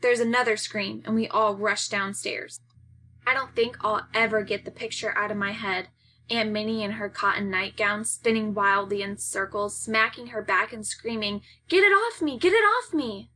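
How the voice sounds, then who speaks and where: A woman reading a children's novel aloud as narrator, raising her voice for the shouted lines. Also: mid-range voice, little pitch movement, normal speed. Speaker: reader.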